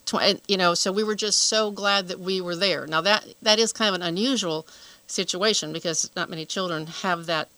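A woman talks as a radio guest, earnest and searching for her words. Her voice is bright and forceful, sitting a little low for a woman. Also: normal speed, dry recording, poor audio. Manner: earnest, restarts while explaining. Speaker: guest from a children's health program. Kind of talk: radio interview.

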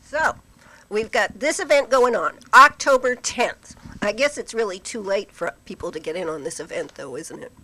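A woman hosting a radio talk show in a chatty, easy manner, her voice hoarse. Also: mid-range voice, expressive, moderate pace, bright, forceful tone, poor audio. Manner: chatty, laughs easily. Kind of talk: casual on-air chat.

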